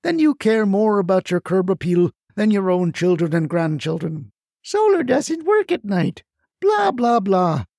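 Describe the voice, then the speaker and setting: A man plays a feisty old grandmother, impatient and indignant, her voice jumping high into shrill scolding outbursts. The tone is gravelly and mellow, recorded close and dry for a storybook telling. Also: normal speed, few pauses, dry recording. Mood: ranting. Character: feisty impatient retired grandmother, older woman.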